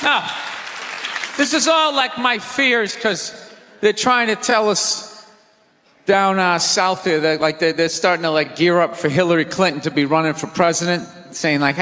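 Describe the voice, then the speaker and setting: Stand-up comic, high-pitched bright tone, profane ranting, theater reverb with crowd. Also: male voice, slight background noise. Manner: loud, exasperated, profane ranting. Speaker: stand-up comedian. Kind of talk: live stand-up rant. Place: large theater stage.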